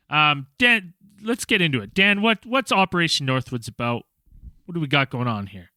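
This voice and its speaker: A man's voice: a little high, animated, normal speed, bright, forceful tone, dry recording. A man hosting a casual podcast, chatty and upbeat, laughing easily with his co-hosts. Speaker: podcast host.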